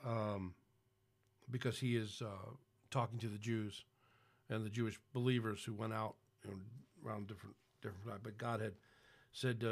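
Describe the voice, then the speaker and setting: A man's voice: on the low side, little pitch movement, a little fast. A man hosting a podcast, rambling through casual Christian commentary with incredulous outbursts. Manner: frequent fillers and restarts. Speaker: podcast host.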